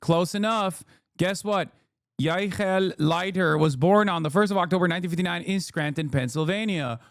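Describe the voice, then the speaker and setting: A man's voice: high-pitched, normal speed, no echo, clean studio sound. A man reacting to a news clip as a streamer, talking in a heated, sarcastic and profane way. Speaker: streamer commentator.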